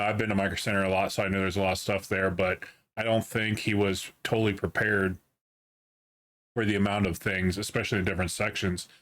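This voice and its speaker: A man's voice: deep voice, a bit bright. A man hosting a podcast, recounting a family outing in an easygoing casual chat. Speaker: podcast host.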